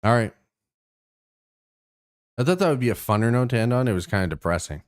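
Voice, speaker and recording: A young Canadian man hosts his own stream, ranting casually to viewers in a rambling way full of cursing, fillers and restarts. His voice is medium-pitched, expressive and brisk.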